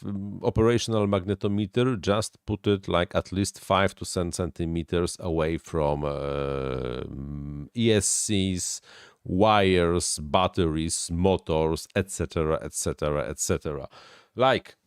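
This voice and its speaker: A man who is not a native English speaker, hosting a casual live stream and answering viewer questions with halting technical explanations. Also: low voice, smooth, no echo, studio quality.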